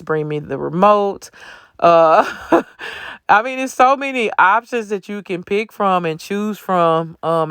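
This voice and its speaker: A man's voice: high-pitched, a bit bright, smooth, no room sound, clean studio sound. Sleepy, chatty man doing a phone voiceover. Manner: chatty, folksy, addresses viewers as y'all. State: sleepy, yawning. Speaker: craft channel host. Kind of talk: casual tutorial voiceover.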